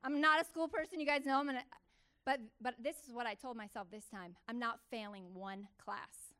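A woman preaching a testimony sermon to a church gathering, telling her story with animated, emphatic repetition. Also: sits high, quick pace. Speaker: church speaker.

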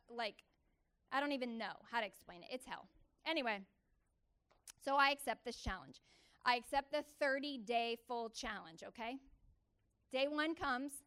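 A woman preaching a testimony sermon to a church gathering, telling her story with animated, emphatic repetition. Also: sits high, clear, resonant tone. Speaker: church speaker.

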